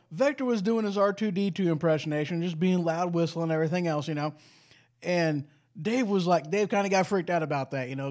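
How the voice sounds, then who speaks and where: A man's voice: fairly high pitch, darkish tone. Rambling man hosting a call-in show. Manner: rambling, filled with frequent "you know". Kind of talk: casual live-stream chat.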